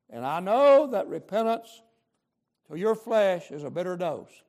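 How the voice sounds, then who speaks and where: Fervent preacher man, gravelly. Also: sits high, sing-song, normal speed, darkish tone. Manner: fervent, emphatic repetitions, folksy grammar. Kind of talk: sermon.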